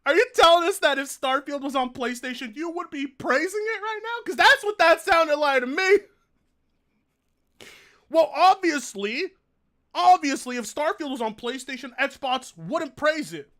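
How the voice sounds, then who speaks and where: A man's voice: extremely high pitch, lively intonation, normal speed, bright, forceful tone. A man streaming live, reading donations aloud, swearing and groaning in pain in a whiny, exasperated way. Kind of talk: casual live-stream chat.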